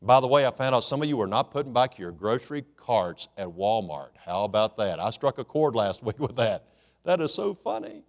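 A man's voice: on the low side, expressive, fairly quick, few pauses. A man preaching a sermon in a folksy, joking way, calling for amens. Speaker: pastor.

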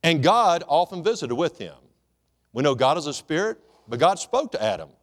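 A man's voice: on the high side, very animated, normal speed. A man preaching a sermon in a folksy, joking way, calling for amens. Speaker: pastor.

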